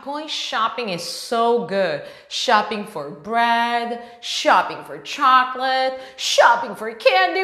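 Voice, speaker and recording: A woman teaching English to young children, animated, with gasps and slow repetition. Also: a little high. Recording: echoey room.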